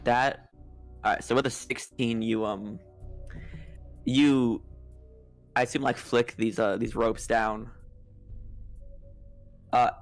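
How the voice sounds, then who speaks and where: A young man with a gravelly, creaky voice runs a tabletop game as dungeon master. He talks in halting bursts full of fillers and restarts, laughing now and then. Faint music sits under his voice. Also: mid-range voice, steady tone. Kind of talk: narrating a tabletop game over a voice call.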